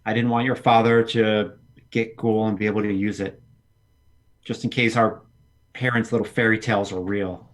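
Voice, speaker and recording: A man's voice: fairly low pitch, level tone, normal speed, lightly acted. A man voicing a ruthless, scheming young noblewoman who talks with cold, profane contempt, in a tabletop game.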